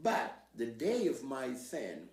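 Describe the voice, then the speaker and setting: An older man from Cuba with a Cuban Spanish accent, hosting an interview and telling lively stories, acting out the voices of the people in them. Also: slow, reverberant, distant mic. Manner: acts out quoted voices with big swings in pitch and loudness. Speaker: host. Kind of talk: animated storytelling interview.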